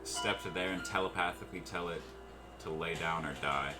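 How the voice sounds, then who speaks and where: A man's voice: sits low, steady tone, brisk, over loud music. A man playing in a tabletop game, talking in a dry, matter-of-fact way. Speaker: player. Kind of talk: casual tabletop game chat.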